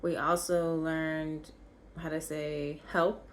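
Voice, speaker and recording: Slow, patient woman teaching words. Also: deep voice, flat delivery, a little hiss or hum. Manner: patient, repeats each word slowly for learners. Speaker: French teacher. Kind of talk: slow vocabulary lesson.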